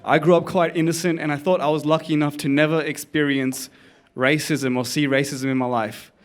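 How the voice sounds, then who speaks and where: A young Australian man in his twenties from Canberra doing a deadpan open-mic stand-up set on a comedy club stage. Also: on the high side, fairly quick, faint music behind. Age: 20s. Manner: deadpan, drops into put-on voices for his dad.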